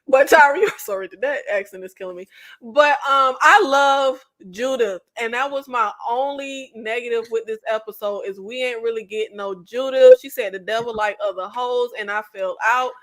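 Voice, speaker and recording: A woman's voice: on the high side, moderate pace, fairly bright tone. A woman giving playful, emphatic commentary on a TV show in casual slang. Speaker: panelist on a live TV breakdown stream.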